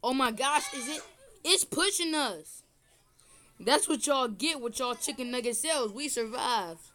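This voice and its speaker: An older woman with a high, expressive voice speaks unhurriedly in a pushed, bright tone. She offers playful, teasing remarks while playing a game with her family, captured through a phone screen recording as casual gameplay commentary.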